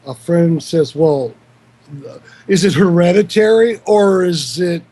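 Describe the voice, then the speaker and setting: Male chat guest, high-pitched, halting and curious, thinks aloud. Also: a little mellow. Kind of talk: casual group chat.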